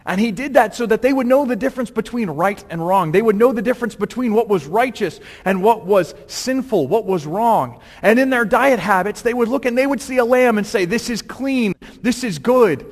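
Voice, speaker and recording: A man preaches a sermon with humor and energy, acting out the scripture as he goes. His voice is fairly high. It rings with a long reverb through a hall. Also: fairly quick, hardly any pauses. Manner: humorous, acts out quotes, animated.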